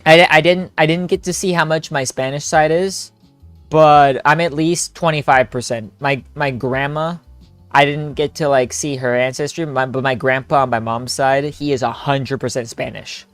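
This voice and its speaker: A man's voice: medium pitch, steady tone, normal speed, a bit bright, smooth, no room sound. A young man streaming a story game with friends, joking, laughing and rambling in casual chat. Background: faint game music.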